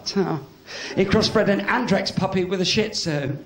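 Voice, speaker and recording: A West Country stand-up comedian does a cheeky live set in a cabaret club, bantering with the audience. His voice sits high and he keeps a measured pace, while the club is echoey and full of loud crowd noise.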